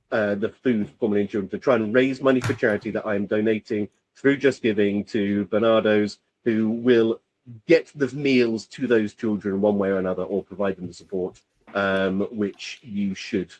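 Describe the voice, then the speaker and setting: A man's voice: lowish voice, darkish tone, rough recording. Rambling man co-hosting a podcast. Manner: rambling, filler-heavy. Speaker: podcast co-host. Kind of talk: casual chat.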